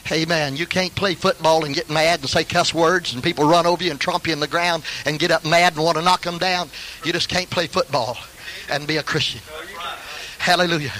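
An older man preaching a sermon as pastor, fervent, breaking into hallelujahs and shouted peaks. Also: on the high side, steady tone, fairly quick, rough recording.

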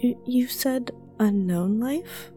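A woman's voice: on the high side, takes it slowly, mellow, faint music behind. A woman playing a tabletop game, asking curious questions. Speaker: player.

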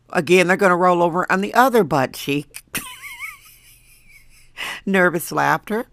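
A hoarse woman from Wisconsin who has lost her voice, hosting a chatty, jokey solo podcast from home. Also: on the low side, expressive, unhurried, pauses often, fairly bright tone, no room sound. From Wisconsin, USA. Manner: chatty, jokey, laughs at herself. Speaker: podcast host. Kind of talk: casual solo monologue.

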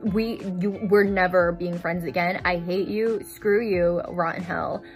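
A woman voicing a furious betrayed young woman, speaking loudly and slowly as she ends a friendship. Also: fairly low pitch, steady tone, soft background music, pitched below the performer's own voice.

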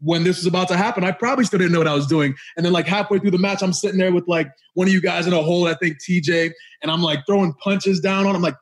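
A man chats on a podcast from his home studio and tells stories with lots of energy and fillers. His voice sits a little high for a man. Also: fast talker. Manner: laughing, storytelling, excitable. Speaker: podcast co-host. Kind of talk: casual chat.

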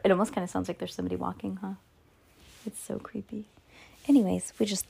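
A woman's voice: lowish voice, normal speed, creaky, darkish tone. Woman podcaster, casual read-aloud of a kids' book, chatty. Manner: chatty, with offhand asides. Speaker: podcast host reading a children's book. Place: bedroom on a windy day.

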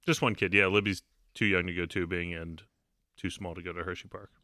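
A man's voice: low voice, little pitch movement, a little fast, bright, forceful tone, no echo, clean studio sound. A man co-hosting a casual podcast, easygoing and chuckling between lines. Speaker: podcast co-host. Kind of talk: casual chat among friends.

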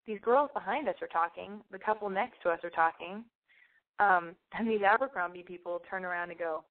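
A young woman telling a rambling personal story in a blunt, profane, animated way, her voice wearing out. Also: on the low side, brisk. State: losing her voice. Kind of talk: casual anecdote monologue. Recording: tinny phone-like sound.

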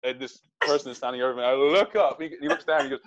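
A man, a guest actor, telling an animated story in a casual interview, with hesitant restarts. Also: mid-range voice, quick pace, dull audio.

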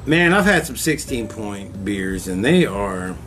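A man in casual chat, joking and swearing in an animated way. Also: on the low side, a little slow, slight background noise.

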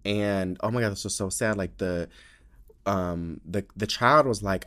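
A man hosting a podcast in casual chat, expressive and profane, with many filler "likes". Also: deep voice, a little slow. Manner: expressive, profane, heavy use of "like". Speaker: podcast host.

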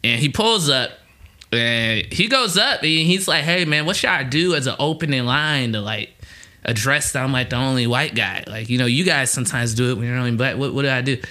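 A comedian co-hosting a podcast, telling profane stage stories in casual banter, quoting people and laughing a lot. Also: male voice, medium pitch, fairly quick, pushed and bright. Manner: profane, storytelling with quoted voices, laughs a lot.

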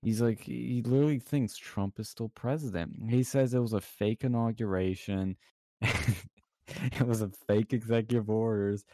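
A man's voice: lowish voice, moderate pace, no echo. A man on a podcast telling a story in casual chat, acting out the other side of a conversation and swearing freely. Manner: animated storytelling, acts out quotes, swears.

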